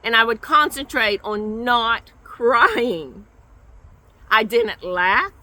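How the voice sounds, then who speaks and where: An older woman giving an earnest personal testimony, telling her story slowly with lots of repetition. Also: on the high side, expressive, sharp tone, dry recording, rough recording. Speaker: guest sharing her recovery story.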